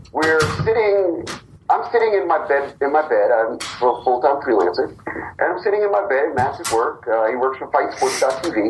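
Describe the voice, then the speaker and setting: Animated man telling a story, lo-fi sound. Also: a little high, slight background noise. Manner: animated storyteller acting out quotes. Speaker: wrestling company co-founder. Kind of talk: casual podcast storytelling.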